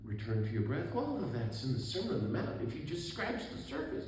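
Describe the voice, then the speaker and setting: A man in his sixties with a mid-range, slightly mellow voice speaks a little fast, his pitch swinging hugely. As a Catholic priest and author, he tells a story to an audience, acting out those in it and laughing often. A very echoey hall adds faint room noise.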